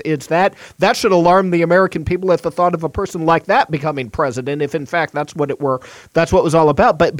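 A man's voice: high-pitched, no echo. A man hosting talk radio, emphatic and indignant as he argues his point. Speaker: radio host.

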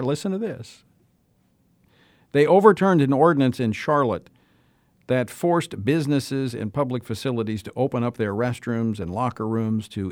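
A man's voice: mid-range voice, darkish tone, no room sound. Male radio host, emphatic and indignant, dry studio sound. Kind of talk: talk radio commentary.

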